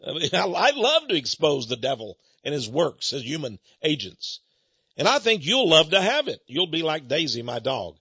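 Folksy male radio host, gravelly and husky, chuckling storyteller, dull dry studio sound. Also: fairly high pitch, very animated, normal speed, pushed and bright, no room sound. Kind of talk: folksy rambling radio talk.

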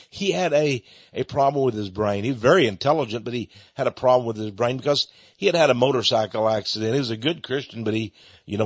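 An older man preaches in a plain, informal way, earnest and heartfelt, often stumbling and repeating himself. His voice is a little husky and sits at a middle pitch. The recording is dry and slightly dull. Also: no echo. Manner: earnest and heartfelt, with frequent repetitions and restarts. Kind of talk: informal spoken sermon.

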